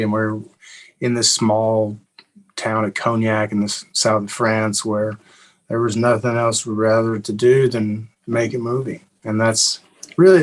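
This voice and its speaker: A young adult man from Eastern Kentucky, answering interview questions in a relaxed way with many fillers and restarts. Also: lowish voice, rough recording. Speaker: actor guest.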